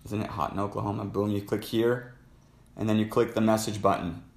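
A man's voice: fairly low pitch, level tone, fairly quick, vocal fry. Man hosting a live stream, echoey. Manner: loose, rambling, casual. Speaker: host. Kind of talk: casual live-stream chat.

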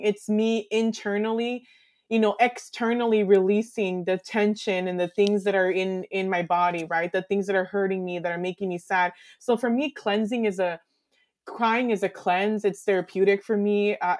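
A woman guest on a podcast, talking in a reflective, earnest way with lots of fillers. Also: medium pitch. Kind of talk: casual conversational interview.

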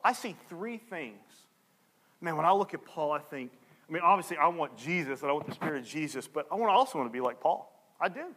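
A male pastor preaching a sermon, telling a story and acting out the people in it with lively energy. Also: on the high side, big-room sound. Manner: animated storyteller acting out dialogue.

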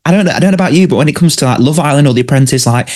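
A man's voice: a little high, rapid-fire, darkish tone. A man co-hosting a casual podcast, recapping scenes and speaking to listeners and his co-host.

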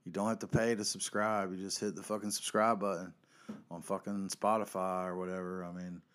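A man from North Carolina, hosting his own podcast in a profane, ranting monologue that swings between yelling and muttering. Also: low-pitched, little pitch movement, brisk. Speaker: podcast host.

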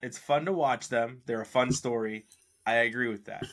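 Bright-voiced skeptical sports host. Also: male voice, medium pitch, moderate pace. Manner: skeptical, teasing, laughs often. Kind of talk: argumentative sports debate.

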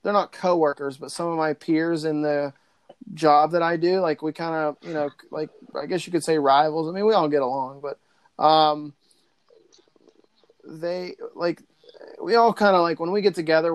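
A man's voice: a little high, fairly even intonation, normal speed, smooth, no echo. Rambling man. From Pittsburgh area. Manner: rambling, lots of likes and ums. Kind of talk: casual chat.

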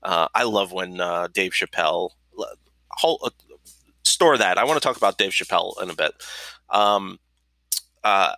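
Bright-voiced podcast host, low and dry. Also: male voice, expressive, moderate pace, long pauses, dry recording. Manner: swearing, joking, filler-heavy. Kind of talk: casual podcast chat.

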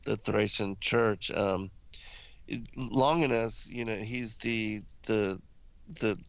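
A man discussing ancient religious texts in casual conversation, halting often with fillers and restarts. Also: on the low side, creaky, dry recording, poor audio.

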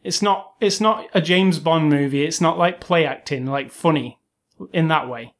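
A man gushing about a film in a loose, casual chat, his voice sitting a bit high. He rambles, restarts sentences and leans on fillers as his enthusiasm runs ahead of him. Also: normal speed. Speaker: film podcast co-host.

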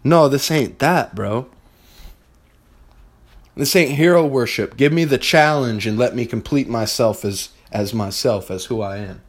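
A young man talks straight at his listeners in a blunt, fired-up motivational rant. He swears freely and hammers his points home. His voice sits at an ordinary middle pitch for a man. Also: unhurried, a little hiss or hum. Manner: blunt, profane and fired-up, addressing listeners directly. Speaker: podcast host. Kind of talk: motivational monologue.

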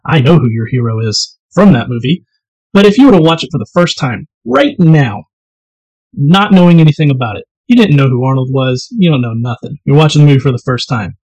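A man co-hosting a casual podcast over whiskey, telling stories in a relaxed way and saying "man" often. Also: medium pitch, fairly quick, no echo, highs cut off. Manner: relaxed storyteller, laid-back, says "man" a lot. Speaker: podcast co-host.

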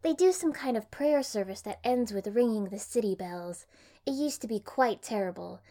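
A woman voicing a friendly, gossipy older village woman in a bright, chatty, animated way, as an audiobook character. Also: medium pitch, normal speed, natural voice.

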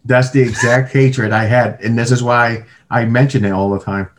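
A man's voice: mid-range voice, normal speed, slight background noise. A man co-hosting a casual movie review podcast, swearing and laughing along. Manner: animated, laughing, profane. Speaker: podcast co-host.

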